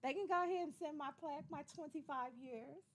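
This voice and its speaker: Chatty high-voiced woman. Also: fairly quick. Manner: greets viewers by name with excited high calls; chatty and playful, drawls y'all. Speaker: livestream host. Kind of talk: casual livestream chat.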